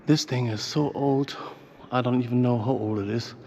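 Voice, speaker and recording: A German man with a German accent vlogging casually while he walks a square and a church, rambling with fillers and speaking hushed inside. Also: mid-range voice, fairly even intonation, normal speed, vocal fry. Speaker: travel vlogger. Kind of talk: casual walking vlog. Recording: muffled, noisy background.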